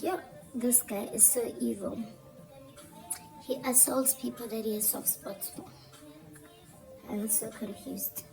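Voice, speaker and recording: A young-sounding woman recounts a tense personal story in a casual storytime monologue, animated and full of fillers. Her voice has a gravelly fry at the edges, and clear music plays under her the whole time. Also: mid-range voice, rough recording. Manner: animated, dramatic retelling with fillers. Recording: clear music bed behind voice.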